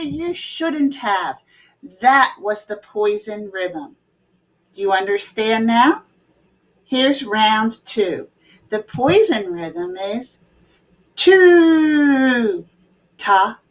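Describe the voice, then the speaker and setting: Speaking slowly in a slightly high, fairly bright voice, a woman gives an online music lesson. She sings out rhythms and chants syllables her students echo, explains note values patiently, and leads playful games.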